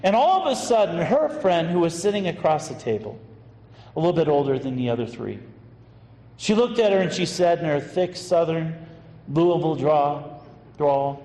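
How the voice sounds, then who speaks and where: Here the same associate pastor tells a sermon anecdote conversationally, fillers and all, at a moderate pace. His voice is fairly high, animated and a little mellow, and the echoey hall adds long reverb and faint noise.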